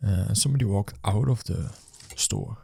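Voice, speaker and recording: Low, gravelly man telling a rambling story. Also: moderate pace, mellow. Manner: rambling and hesitant, many fillers and restarts. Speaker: food delivery rider. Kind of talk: casual storytelling monologue.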